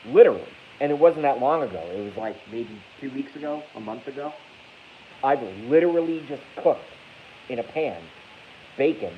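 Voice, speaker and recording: A man's voice: mid-range voice, animated, moderate pace. A man rambling casually on a livestream, joking crudely, mocking himself and reading out chat comments. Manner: crude, joking, self-deprecating, reads chat aloud. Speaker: livestream host. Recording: dull lo-fi stream audio with faint hiss.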